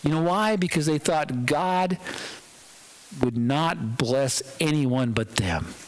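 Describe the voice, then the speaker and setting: A male pastor giving a conversational, dramatic sermon in a church, with pauses for effect. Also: on the high side, animated, low-quality recording.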